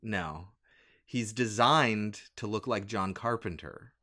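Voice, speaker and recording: A man's voice: on the low side, slow, bright, forceful tone. A man co-hosting a casual chat, explaining things and adding film trivia.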